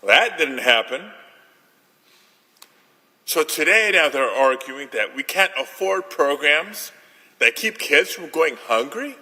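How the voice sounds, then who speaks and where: A man senator speaks very slowly and deliberately in an indignant floor speech. His voice is raised a little and cuts bright and sharp. A long chamber reverb hangs on every phrase. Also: on the high side. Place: large legislative chamber.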